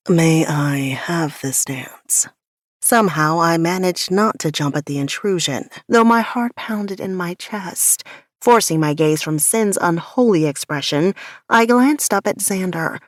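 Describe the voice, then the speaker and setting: A woman narrating an audiobook in the first person with a measured, softly intimate delivery. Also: fairly low pitch, dry recording, studio quality.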